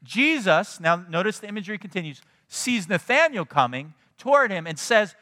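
Bright-voiced preacher man in a hall. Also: sits high, moderate pace. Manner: conversational, animated, checks in with the congregation. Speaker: pastor. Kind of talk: sermon.

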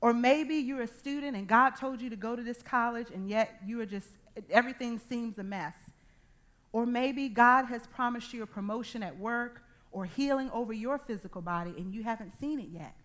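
A woman in her thirties or forties preaching a sermon, telling a personal testimony with animated, acted-out dialogue. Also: on the high side, normal speed. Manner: animated storytelling, acting out dialogue.

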